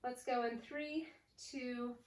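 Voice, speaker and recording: A woman's voice: fairly high pitch, fairly even intonation, takes it slowly. A woman fitness instructor coaching a home workout while exercising, upbeat, counting down reps and cueing form, a little out of breath. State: slightly out of breath. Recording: echoey room, distant mic, faint noise.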